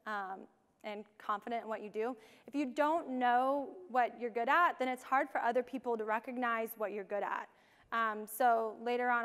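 A young woman with a fairly high, clear and resonant voice gives a casual talk as a conference speaker, filling it with lots of ums and you-knows. She's in a large conference hall, and the recording carries long hall reverb.

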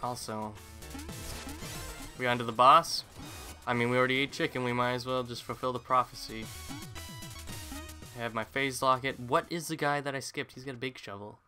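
A man chats his way through a video game, rambling and poking fun at his own mistakes. His voice is bright and forward, at an ordinary pitch. He keeps the talk loose and casual. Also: steady tone, moderate pace, long pauses, soft background music. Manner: chatty, rambling, self-deprecating. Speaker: gaming channel host. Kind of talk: casual let's play commentary.

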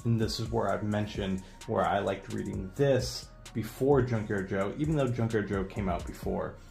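A man casually reads and recaps a comic book, rambling along with enthusiasm. His voice sits low with a gravelly fry. Faint music plays underneath. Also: moderate pace, darkish tone.

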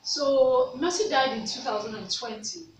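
A woman's voice: high voice, normal speed. A Nigerian woman vlogger telling a personal story, earnest, repeating herself for emphasis. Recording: echoey room, mic at a distance, faint noise.

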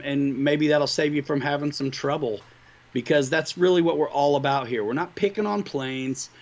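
This livestream co-host has a slightly high, gravelly voice. He chats with viewers in a casual, upbeat way, rambling on about his hobbies.

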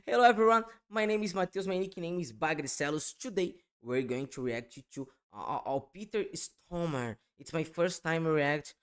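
A man's voice: fairly high pitch, lively intonation, moderate pace, few pauses, clear, resonant tone. Hesitant man hosting a reaction video. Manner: hesitant, repeats words with many fillers. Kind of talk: casual reaction commentary.

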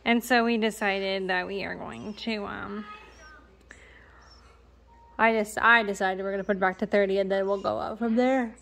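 A woman's voice: medium pitch, steady tone, moderate pace, gravelly, long pauses, fairly bright tone. A young woman giving a casual home vlog update, rambling with lots of fillers and restarts, and she has the hiccups. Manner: rambling, filler-heavy, self-correcting. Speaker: parent vlogger.

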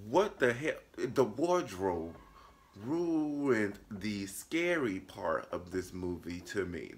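Sassy and animated, a late-twenties man reviews a movie in a laid-back way. He addresses the viewer as "honey" and leaps into a high voice whenever he quotes himself.

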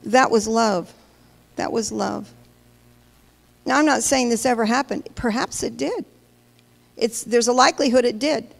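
A woman's voice: fairly high pitch, moderate pace, creaky. A woman pastor preaching a sermon, emphatic and questioning the congregation directly. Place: large church hall. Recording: long hall reverb.

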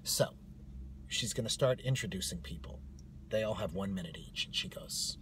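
A man telling a comic personal story in a wry, animated way. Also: deep voice, normal speed, husky.

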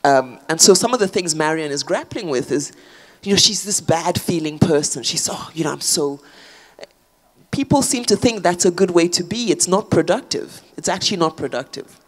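A woman talks through an idea in front of an audience. She works her way toward each point with ums and restarted phrases, in a measured, reflective way. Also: fairly low pitch, lively intonation. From South Africa. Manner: thoughtful, frequent fillers and restarts. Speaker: author guest. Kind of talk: public conversation on stage.

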